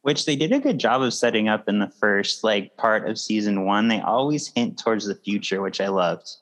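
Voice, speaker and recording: A man's voice: on the low side, lively intonation, normal speed, fairly bright tone. A man hosting a casual podcast who steers the conversation with brief, easygoing replies. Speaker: podcast host.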